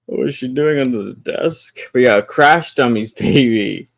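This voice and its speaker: A man hosts a relaxed livestream, chatting about his toy collection. His talk is animated, with frequent laughs and casual swearing. His pitch swings widely, and the recording is dry and close. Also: slow, vocal fry, pauses often, no room sound. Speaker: livestream host. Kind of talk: casual stream chat about toys.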